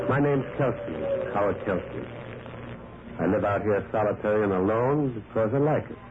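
Heard through a tinny, lo-fi old radio broadcast with faint hiss, a male actor with a fairly low, natural voice performs 1940s-style radio acting. He plays a solitary prospector recounting his history in a dark, dramatic tone.

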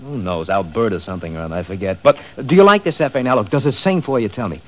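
An actor playing a salesy, excitable Hollywood publicity man in a 1950s radio drama, heard in an old broadcast recording with music behind him. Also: on the low side, fast, lightly acted. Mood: pitching. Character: pushy fast-talking male Hollywood publicity man.

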